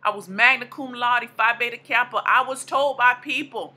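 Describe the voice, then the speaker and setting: A woman in her thirties with a high, very bright voice delivers a motivational speech. She talks emphatically and hammers her points home by repeating them. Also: moderate pace, slightly rough. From American South / Midwest. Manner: emphatic, repeating lines for punch. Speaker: motivational speaker.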